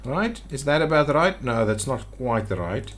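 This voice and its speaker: Male let's-player, mid-pitched, casual think-aloud commentary with frequent false starts. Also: sing-song, measured pace, a bit bright. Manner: thinking aloud, hesitant restarts while building. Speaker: city-builder video creator. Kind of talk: gameplay commentary.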